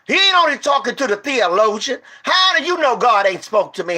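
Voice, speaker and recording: Briskly and with great animation, a man mixes storytelling with informal preaching. His delivery is emphatic, moving between quiet and loud, and he keeps repeating rhetorical questions and tripping over restarts.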